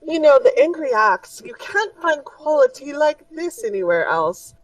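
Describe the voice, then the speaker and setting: A pushy, fashion-mad shopkeeper woman, put on by a woman running a tabletop game, pitched high and gushing with wheedling sales talk. Her delivery swoops up and down, and the sound is dry and set back from the mic. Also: very animated, a little slow, no room sound, distant mic, rough recording.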